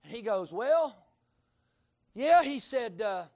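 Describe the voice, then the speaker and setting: A middle-aged man with a Kentucky accent delivers a sermon as pastor, with a strikingly high voice. He tells folksy stories in an animated way and rises into shouts. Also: slow pace. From Kentucky, USA.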